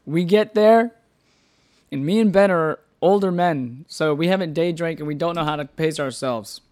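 A man with a fairly high voice tells a rambling story on a casual podcast. He is animated and laughs often. He swears freely as he goes. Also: normal speed. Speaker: podcast host.

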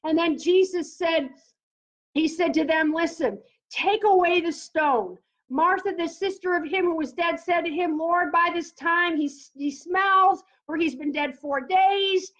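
A woman's voice: extremely high pitch, measured pace, a bit bright. A woman preaching on prayer, reading scripture aloud and commenting on it fervently. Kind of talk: teaching on prayer. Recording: dull lo-fi recording.

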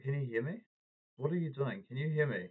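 A man's voice: mid-range voice, brisk, slightly rough. Man telling stories over tinny audio. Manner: animated anecdote-telling, acting out quoted lines. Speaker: podcast host. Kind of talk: casual storytelling.

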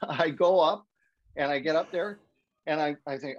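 A hockey broadcaster guest in casual podcast chat, telling a story animatedly and jumping high in pitch to act out quotes. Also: male voice, lively intonation, moderate pace. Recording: dull, dry podcast audio.

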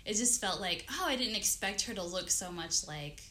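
A woman in her thirties, a podcast guest telling a story in casual conversation, animated and acting out her own thoughts. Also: medium pitch, moderate pace. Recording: faint background noise.

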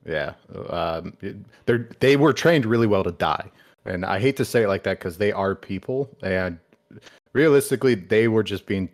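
A man's voice: lowish voice, lively intonation, normal speed. A tipsy man co-hosting a casual podcast, rambling loosely and laughing often. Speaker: podcast co-host. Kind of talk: casual drinking chat. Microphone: podcast mic.

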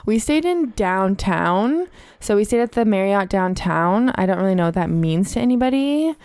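Young woman, podcast co-host, chatty storyteller, smooth clear voice, dry close sound. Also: mid-range voice, animated, normal speed, a little mellow, no echo. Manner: chatty, storytelling, swears casually. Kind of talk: casual chat.

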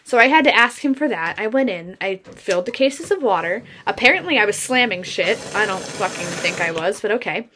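A woman's voice: mid-range voice, animated, brisk, hardly any pauses, a bit bright, slight background noise. A young woman podcast co-host telling a work story in casual chat, blunt and swearing constantly as she vents. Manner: heavy swearing, blunt and venting.

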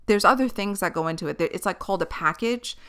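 A woman's voice: medium pitch, fast talker, a bit bright. A woman hosting her own podcast, chatting candidly and animatedly on her own and swearing freely. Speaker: podcast host. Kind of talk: casual solo podcast chat.

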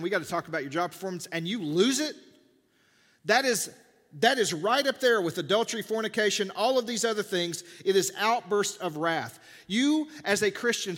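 A middle-aged man preaching a sermon as a pastor, animated and jokey, pushing his voice up for emphasis. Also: high-pitched. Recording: long hall reverb.

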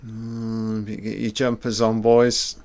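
A man's voice: on the low side, slow pace. A man giving a casual, sweary commentary on a film, muttering his reactions as he watches. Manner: relaxed, sweary, muttering asides.

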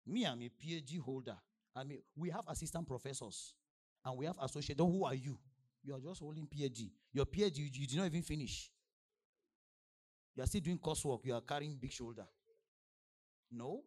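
A man with a Nigerian accent preaching a sermon as pastor, firing questions at the congregation and swinging from soft asides to loud exclamations. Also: on the high side, brisk. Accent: Nigerian English. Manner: animated preaching with call-and-response questions to the congregation.

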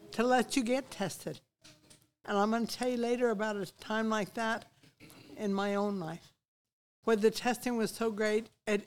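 An older woman, a missionary guest, telling personal stories and exhorting listeners in an outspoken, emphatic way. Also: medium pitch. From United States. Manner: outspoken, emphatic, animated retelling.

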